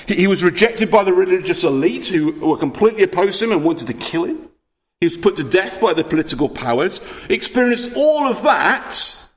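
High-voiced earnest preacher. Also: male voice. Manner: earnest, emphatic, with rhetorical questions and repeated words. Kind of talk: sermon.

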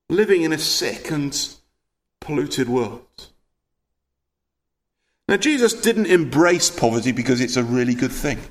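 A man. He is earnest and emphatic, repeats words as he builds a point, and keeps asking the congregation rhetorical questions. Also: sits high. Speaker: preacher. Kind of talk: sermon.

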